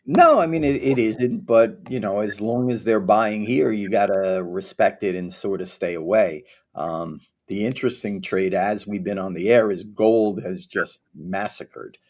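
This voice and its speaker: Low-voiced man in casual market talk. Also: measured pace, hardly any pauses, darkish tone. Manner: candid, rambling with fillers, teasing. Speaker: co-host of a trading show.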